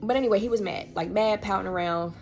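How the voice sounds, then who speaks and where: A young woman telling a personal story on her podcast, animated and slangy, full of fillers. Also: mid-range voice, quick pace, background noise. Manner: animated, slangy, many fillers, laughs often. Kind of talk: casual storytelling.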